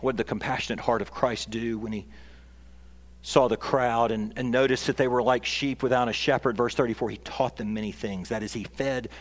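A man's voice: medium pitch, steady tone, brisk. A man preaching a sermon as pastor, earnest and building to emphatic peaks. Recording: long reverb of a large hall.

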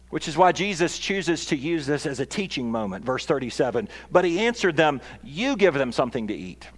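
A man preaching a sermon as pastor, earnest and building to emphatic peaks. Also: fairly high pitch. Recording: long reverb of a large hall.

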